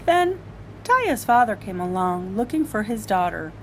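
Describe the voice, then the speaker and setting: A woman reading a picture book aloud, animated and often laughing as she goes. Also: mid-range voice, measured pace. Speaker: storyteller. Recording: loud background noise.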